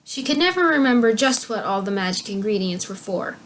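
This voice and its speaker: A young woman reading a children's book aloud as a storyteller, with clear, expressive narration. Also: mid-range voice, normal speed, few pauses.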